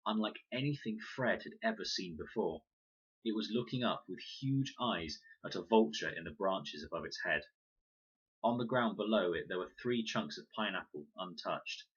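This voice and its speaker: Man reading a children's novel aloud; deep voice, bright edge, lively and expressive. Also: breathy edge. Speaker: storybook reader. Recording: dull lo-fi recording.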